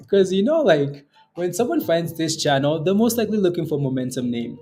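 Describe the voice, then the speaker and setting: A man's voice: on the high side, dark tone. A man hosting a live day trading stream, chatting casually, joking and laughing often as he reads out viewer comments. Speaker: day trading livestream host. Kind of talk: casual livestream chat.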